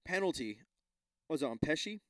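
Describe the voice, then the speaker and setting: A man's voice: a little high, animated, moderate pace, a bit bright, no echo, studio quality. A man hosting a podcast alone, rambling casually with lots of swearing, restarts and asides. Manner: rambling, profane, self-interrupting. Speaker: podcast host. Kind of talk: casual solo rant.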